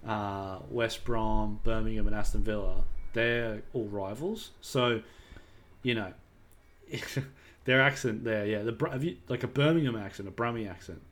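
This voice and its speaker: A man's voice: fairly low pitch, unhurried, a bit bright. A man co-hosting a casual football chat, laid-back and agreeable, swearing now and then. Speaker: podcast co-host.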